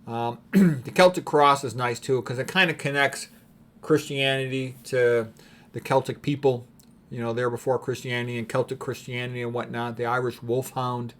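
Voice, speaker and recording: A man giving rambling, opinionated commentary on paintings, clearing his throat often between thoughts. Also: medium pitch, fairly even intonation, normal speed, a bit bright. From United States. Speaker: art commentator.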